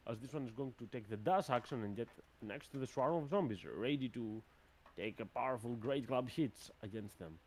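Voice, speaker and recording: A man's voice: medium pitch, moderate pace. Man narrating as game master. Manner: thinking aloud, plain and even.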